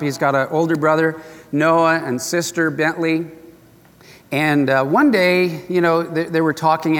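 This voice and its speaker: A man's voice: fairly high pitch, a bit bright, clear, resonant tone, in a large hall. Older pastor man, conversational sermon. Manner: conversational, earnest storyteller. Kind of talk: sermon with storytelling.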